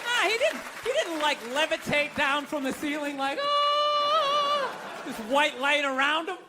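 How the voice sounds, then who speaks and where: A man's voice: very high-pitched, moderate pace, over a noisy crowd, very noisy. A man doing a profane, incredulous stand-up comedy rant on a comedy stage before a live audience.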